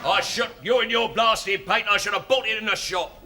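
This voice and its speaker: A man's voice: high voice, normal speed, music in the background. A man in a 1970s sitcom, grumbling and sarcastic. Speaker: sitcom character, grumpy son-in-law.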